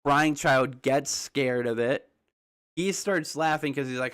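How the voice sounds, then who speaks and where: A man's voice: mid-range voice, measured pace, a bit bright. A man hosting a livestream, rambling through theories in loose casual chat, full of fillers and asides to viewers. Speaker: livestream host.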